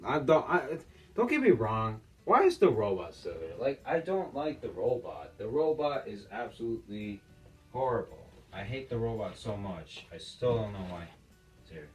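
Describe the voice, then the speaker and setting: A young man delivers a mocking, jokey reaction rant in a slightly low voice. He sounds set back from the microphone, with faint music playing underneath. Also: sing-song, normal speed, darkish tone. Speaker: YouTuber reacting to clips. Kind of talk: casual reaction commentary. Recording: distant mic with faint music.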